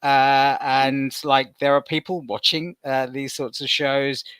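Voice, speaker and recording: A man, a comedian, telling animated stories in a casual video-call panel chat. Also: mid-range voice, takes it slowly, clean tone, no echo. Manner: animated storyteller, playful swearing. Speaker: comedian guest.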